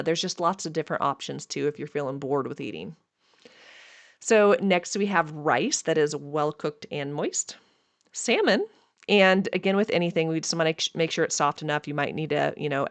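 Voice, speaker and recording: Dietitian, casual teaching talk, chatty asides, mid-pitched voice, dry close mic. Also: fairly bright tone, no room sound. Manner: chatty and upbeat, quick asides while listing foods.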